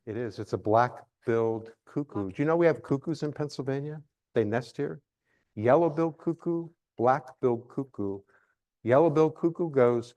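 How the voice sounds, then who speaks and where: A man's voice: medium pitch, normal speed, dull audio. A middle-aged man giving a live lecture on nature as a naturalist, playful and theatrical, joking with his audience.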